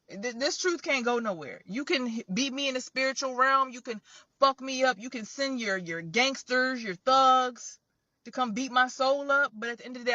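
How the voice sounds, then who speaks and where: A woman's voice: fairly high pitch, pushed and bright, dull audio. A young woman, delivering an emotional, profane, preachy rant straight to camera. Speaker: content creator.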